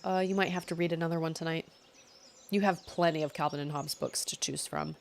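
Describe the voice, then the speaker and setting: With a steady tone and a slightly fast delivery, a young woman streamer chats casually during her game, laughing easily and thinking out loud. Her voice is low-pitched, with a little hiss or hum in the audio.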